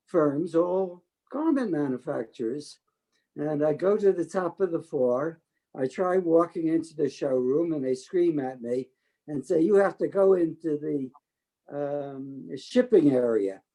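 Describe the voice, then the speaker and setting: A man's voice: fairly high pitch, poor audio. Older talkative New man. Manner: talkative, animated quoting of others. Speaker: interviewee telling his life story. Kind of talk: storytelling oral history.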